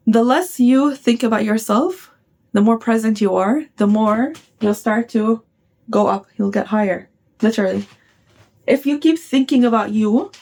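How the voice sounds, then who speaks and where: A woman's voice: on the high side, normal speed, darkish tone. A woman giving blunt, casual self-help advice to her viewers, swearing freely and checking in often with "okay?". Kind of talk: casual motivational talk.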